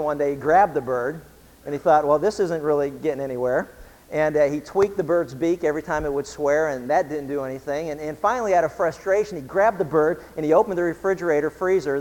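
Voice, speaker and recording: A male pastor delivers a sermon in an easygoing, conversational manner. His voice sits a little high for a man and carries a long reverb from a big church hall. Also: fast. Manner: relaxed, conversational storytelling.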